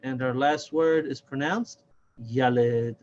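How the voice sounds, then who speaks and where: Slow, patient man teaching reading. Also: medium pitch, darkish tone, dull audio, slight background noise. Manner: patient, repeats each syllable slowly. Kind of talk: slow step-by-step reading lesson.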